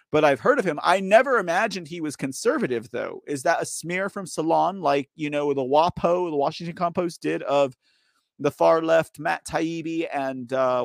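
Male political talk host, gravelly and fairly high, dry close sound; loose, uncensored asides. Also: no room sound. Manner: loose, uncensored, riffing asides with frequent okay and right. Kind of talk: opinionated political commentary, reading articles aloud.

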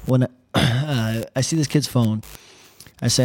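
A man's voice: on the low side, slow, a little mellow, slight background noise, low-quality recording. A man talking in a casual, rambling monologue, sarcastic and profane, ranting as he tells a travel story from his hotel room. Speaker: travel vlogger.

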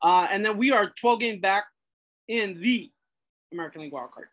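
A young man co-hosting a casual podcast, laid-back and quick to laugh. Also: high-pitched, fairly bright tone. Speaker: podcast co-host. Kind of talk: casual chat.

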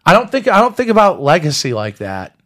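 A man co-hosting a comedy podcast, chatting casually. He stammers and restarts often, drops into deadpan mutters, and his pitch swings lively and sits a bit high. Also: brisk. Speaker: podcast co-host.

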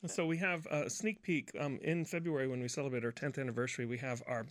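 A man's voice: mid-range voice, steady tone, fast. A man from a distillery, explaining a whiskey in an upbeat way. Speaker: distillery guest. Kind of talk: interview answers.

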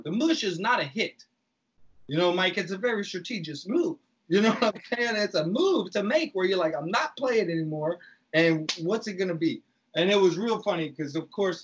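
High-pitched guy, animated, cussing, acting out quotes, kinda muffled audio. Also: brisk, slight background noise. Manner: animated, profane, acts out quoted lines. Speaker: podcast guest recounting reality TV. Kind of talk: casual storytelling.

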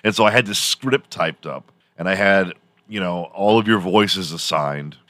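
A man's voice: deep voice, moderate pace, a bit bright, no room sound, studio quality. A man hosting a podcast, telling a rambling story in a casual, profane way and laughing often as he goes. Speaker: podcast host.

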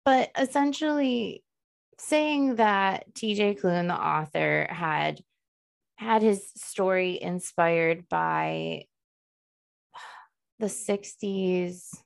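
Woman, gravelly edge, book club podcast co-host, casual rambling chat, laughs a lot. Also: lowish voice, drawn-out words. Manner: laughs often, rambling and self-deprecating.

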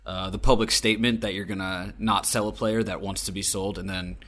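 Low-voiced rambling podcast man. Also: steady tone, fairly quick, fairly bright tone. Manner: rambling, filler-heavy, dry jokes. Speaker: podcast co-host. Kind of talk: casual football banter.

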